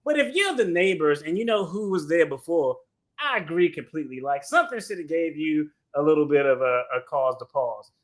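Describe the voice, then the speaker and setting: A man hosting a reaction show, talking in an animated, slangy way and laughing often as he comments. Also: on the high side, a little fast. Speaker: attorney reaction host.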